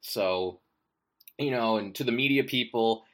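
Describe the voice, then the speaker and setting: Profane, rambling man with a bright voice. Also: mid-range voice, measured pace. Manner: enthusiastic. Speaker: author. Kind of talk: casual monologue.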